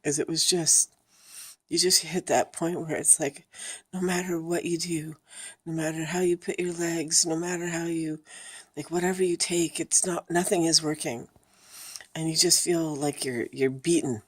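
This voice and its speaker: A woman's voice: deep voice, steady tone, moderate pace, husky. A woman vlogger talking candidly and emotionally, blunt and swearing freely, worn out and exhausted. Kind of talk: candid personal vlog.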